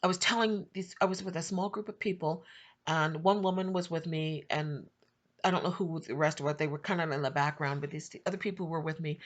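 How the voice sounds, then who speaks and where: Impassioned woman pouring out her testimony. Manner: impassioned, repetitive, rising to high pleading cries. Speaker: Christian YouTube prophetic channel host. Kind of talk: emotional personal testimony.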